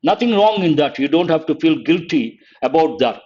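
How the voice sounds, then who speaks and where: A man's voice: a little high, expressive, moderate pace, darkish tone, dull audio. A man, teaching an exam-prep lecture online, quizzing students and spelling words letter by letter. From India. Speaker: English teacher.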